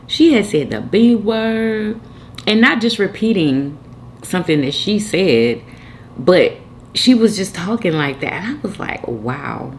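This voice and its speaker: Low voiced lady doing mukbang commentary, voice bouncing all over, keeps talking to y'all. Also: a little hiss or hum. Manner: talks straight to viewers, says "y'all" a lot, laughs. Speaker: mukbang host. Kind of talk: chatty commentary while eating.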